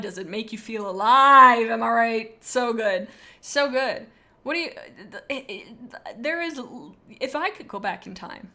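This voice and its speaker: A woman's voice: mid-range voice, fairly bright tone. A young woman streaming live, chatting and rambling in a bubbly way as she reacts to her chat.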